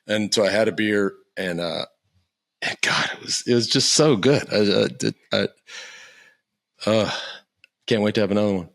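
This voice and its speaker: Male guest, fifties, lower voice, animated storyteller who swears freely and does the other people's lines. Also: moderate pace, gravelly, pauses often. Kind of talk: casual interview chat.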